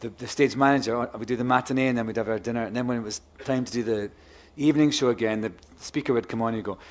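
A man's voice: mid-range voice, fairly even intonation, fast talker, few pauses. A man guest author talking at a live book festival, rambling and restarting, then turning into a playful showman. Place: festival stage before a live audience. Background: audience crowd.

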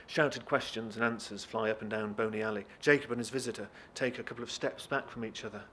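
Male reader, lively expressive narration of a novel, faint background noise. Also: on the low side, fast, few pauses. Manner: lively expressive reading, talks briefly to listeners. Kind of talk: reading a novel aloud.

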